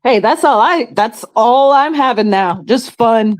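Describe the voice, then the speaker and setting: A woman's voice: fairly high pitch, animated, measured pace, low-quality recording. A middle-aged woman with a New York accent, talking frankly and swearing in a casual chat.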